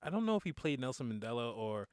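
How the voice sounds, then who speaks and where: A man's voice: mid-range voice, very animated, quick pace, a little mellow, smooth, dry recording, clean studio sound. A man in his thirties co-hosting a podcast, chatting loosely with joking slang banter. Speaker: podcast co-host. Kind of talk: casual chat.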